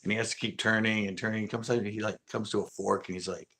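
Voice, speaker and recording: Low-voiced man telling a fishing story. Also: level tone, fast, vocal fry, a bit bright. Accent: Californian. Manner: rambling, acts out quoted dialogue. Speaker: bass fishing angler. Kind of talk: casual storytelling livestream.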